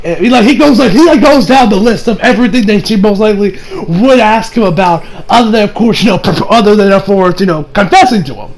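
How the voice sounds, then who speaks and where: Rambling high-voiced man recapping anime. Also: fast, hardly any pauses, slight background noise, low-quality recording. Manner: rambling, full of "like" and "you know" fillers. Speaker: anime reviewer. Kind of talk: casual episode recap.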